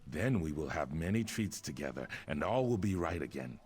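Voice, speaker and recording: A doting servant, very deep-voiced. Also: male voice, lively intonation, normal speed, a little mellow, husky, exaggerated voice. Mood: adoring. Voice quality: very deep, obsessive and fawning. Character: devoted male servant sweeping for his mistress.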